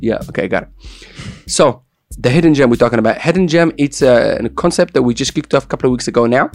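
A man's voice: mid-range voice, animated, fast talker, darkish tone, no room sound. A man hosting a radio show in casual, joking chat, with playful banter and repeated catchphrases.

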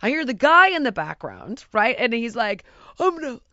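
Woman host spilling a story, blunt and animated, high voice, dry dull sound. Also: brisk, dry recording. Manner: blunt, animated, acts out quotes. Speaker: podcast host. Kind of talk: casual storytelling chat.

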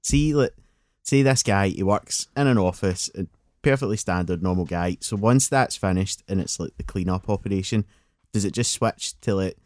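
A man with a fairly low voice, co-hosting a podcast and teasing his way through long winding questions. The sound is dry and close. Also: moderate pace, hardly any pauses, darkish tone, dry recording. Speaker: podcast co-host. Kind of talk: casual podcast banter.

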